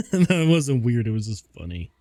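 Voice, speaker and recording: Dry, mellow man streaming a game. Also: mid-range voice, sing-song, moderate pace, no room sound. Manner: laughs often, self-deprecating, chatty. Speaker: VTuber streamer. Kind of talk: gaming stream commentary.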